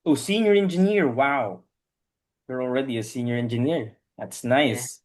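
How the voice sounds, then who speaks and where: A man's voice: mid-range voice, moderate pace. A man teaching an online English class over a video call, patiently correcting his students' pronunciation word by word.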